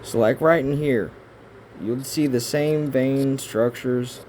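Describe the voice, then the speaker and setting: Excitable, cursing man rambling over pictures. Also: medium pitch, takes it slowly, a little hiss or hum. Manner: profane, excitable outbursts, rambling asides. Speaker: video creator. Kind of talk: casual conspiracy commentary over images.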